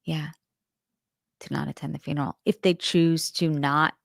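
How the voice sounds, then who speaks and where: Woman from New Jersey, middle-aged, casual live-stream host, rambling, self-deprecating, slightly low voice. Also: fairly even intonation, normal speed, gravelly, no room sound, clean studio sound. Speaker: true-crime show host.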